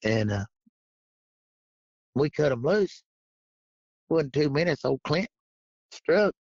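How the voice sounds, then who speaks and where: A man's voice: a little high, animated, slow, darkish tone, no room sound. A man, a podcast guest telling hunting stories in a folksy, drawling way with frequent laughs. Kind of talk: casual storytelling. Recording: dull lo-fi podcast audio.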